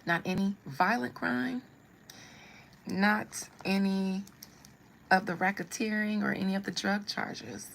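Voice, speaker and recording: Gravelly woman telling a story. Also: mid-range voice, steady tone, slow, a bit bright, slight background noise, rough recording. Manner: blunt, humorous storytelling with asides. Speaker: live stream host. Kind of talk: casual storytelling.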